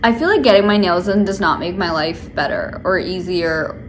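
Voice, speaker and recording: A woman's voice: lowish voice, normal speed, slight background noise. A young woman vlogging to camera, venting in a rambling way with lots of fillers. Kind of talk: casual chat to camera.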